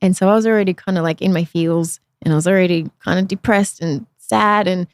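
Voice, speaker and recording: A woman's voice: lowish voice, fairly even intonation, brisk, smooth, no echo. A woman from Australia, hosting a podcast and telling her own story in a frank, chatty, self-deprecating way. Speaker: podcast host. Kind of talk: candid conversational storytelling.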